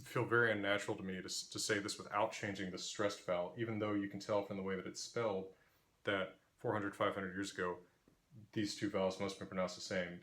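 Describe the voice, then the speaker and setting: A man's voice: fairly low pitch, fairly bright tone. A man with an Interior West American accent teaching linguistics, explaining patiently and demonstrating vowel sounds aloud. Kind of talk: explanatory lecture.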